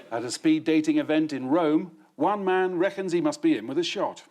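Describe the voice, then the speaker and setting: A man guest-hosting a comedy news quiz in a TV studio, reading questions with dry, deadpan punchlines. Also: on the high side, slight background noise. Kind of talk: scripted panel-show hosting. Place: TV studio with live audience.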